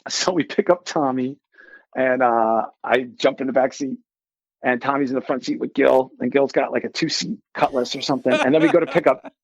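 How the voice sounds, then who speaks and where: A man in his forties, a guest musician, telling stories in a rambling, animated way, full of filler likes and restarts. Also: mid-range voice, a little fast, dry recording. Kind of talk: casual storytelling. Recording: slightly dull, dry recording.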